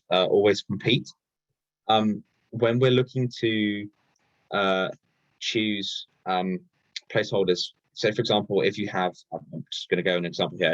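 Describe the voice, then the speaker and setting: A man's voice: fairly low pitch, dry recording, highs cut off. A man presenting a live webinar, reading viewer questions aloud and answering them casually with many ums and restarts.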